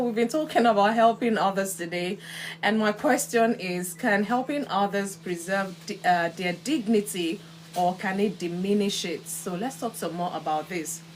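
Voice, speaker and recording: A woman's voice: mid-range voice, slight background noise. A woman hosting a live social-media stream, chatting casually and greeting viewers by name. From Nigeria. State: coughing from kitchen fumes.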